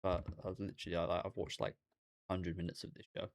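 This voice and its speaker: This young man speaks in a deep voice roughened by vocal fry, rambling loosely as if talking aloud to himself. He wanders between thoughts in casual reaction commentary. The recording is close and dry, with no room sound around him. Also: flat delivery, quick pace, dry recording. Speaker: anime reaction host.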